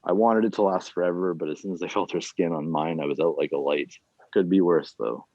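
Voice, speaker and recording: A man reading his own fiction aloud at an online reading series, plain and unhurried, with casual asides between chapters. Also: sits low, steady tone, darkish tone, dry recording. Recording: dull, dry lo-fi sound.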